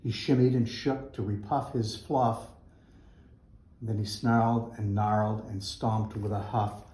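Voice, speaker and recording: A man's voice: fairly low pitch, fairly even intonation, a little slow, warm tone, echoey room, rough recording. Man reading a rhyming picture book aloud. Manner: rhythmic rhyming delivery. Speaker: mayor reading to schoolchildren. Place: elementary school room.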